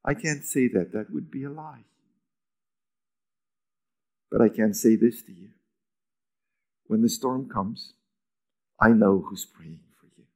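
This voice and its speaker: A man preaching as pastor alternates emphatic delivery with soft near-whispers, raising his pitch in a lively way for quoted lines, keeping a measured pace and pausing often.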